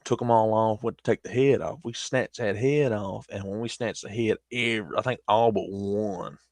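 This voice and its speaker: A man's voice: lowish voice, normal speed, dry recording. A man with a Southern US accent telling a long casual story on a stream, rambling with restarts.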